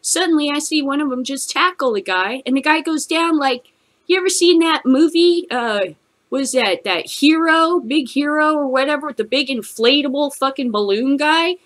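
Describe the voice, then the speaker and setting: A woman's voice: high-pitched, expressive, fairly bright tone. An American woman hosting a cannabis news show, ranting angrily about the news with heavy cursing. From United States. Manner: angry, heavy cursing, fast bursts. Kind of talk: profane ranting commentary.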